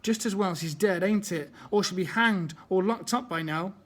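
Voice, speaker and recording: Man reading as a sneering young bully, taunting, pitched high. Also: normal speed. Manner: jeering, taunting. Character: scrawny mocking bully boy, sneering.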